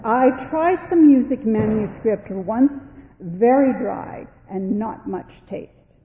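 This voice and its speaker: Woman voicing a stern, gruff father mouse. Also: a little high, animated, takes it slowly. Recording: tinny, echoey long reverb.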